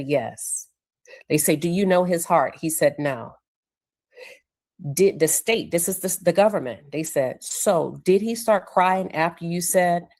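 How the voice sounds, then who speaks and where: A woman hosting a livestream show, recounting court testimony in a casual, conversational way and pausing to check her notes. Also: low-pitched, a little mellow.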